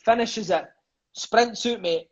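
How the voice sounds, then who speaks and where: Lively Scottish man telling football stories. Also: high-pitched, takes it slowly. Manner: animated, swearing, peppers lines with "mate". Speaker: interview guest, former footballer. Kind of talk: casual storytelling chat. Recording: dull lo-fi sound.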